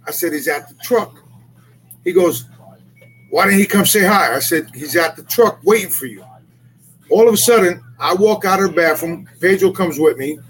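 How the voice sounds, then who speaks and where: A man co-hosting a casual podcast chat, telling stories loudly and profanely and acting out what other people said. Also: sits high, animated, moderate pace, a little hiss or hum, rough recording. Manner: boisterous, profane storyteller acting out dialogue. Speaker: podcast co-host.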